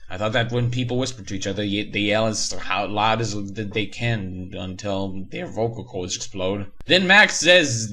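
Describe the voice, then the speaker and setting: A man's voice: medium pitch, moderate pace, hardly any pauses, bright, forceful tone. A man reading and mocking a horror story in a sarcastic, profane comedic rant. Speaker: creepypasta reviewer. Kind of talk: comedic creepypasta reading and review.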